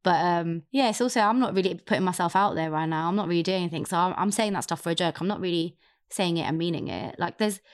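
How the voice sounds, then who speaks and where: A young British woman with an English accent, co-hosting a casual film chat, animated and sarcastic. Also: lowish voice, clear, resonant tone. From England. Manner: animated, sarcastic, quick to mimic. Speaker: podcast co-host.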